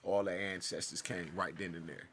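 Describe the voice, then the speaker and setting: A man telling a personal story in a casual monologue, emphatic and swinging from loud outbursts to hushed asides. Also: sits low, fairly even intonation, normal speed, slight background noise. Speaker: storyteller vlogger.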